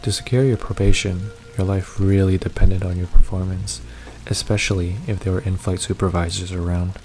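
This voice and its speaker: A man narrating a first-person horror story in a steady, measured reading. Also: low-pitched, faint music behind.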